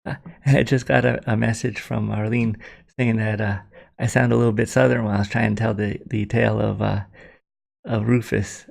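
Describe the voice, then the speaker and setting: A man's voice: lowish voice, little pitch movement, moderate pace, creaky, darkish tone. A man hosting a casual livestream, rambling and apologetic, with many fillers and restarts. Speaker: livestream host.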